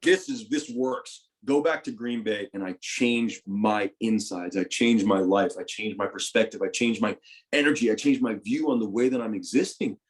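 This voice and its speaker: A young man, a retired football player, telling his story in a candid interview. He talks animatedly and swears freely, and his voice swings between loud bursts and hushed asides. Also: fairly low pitch, moderate pace.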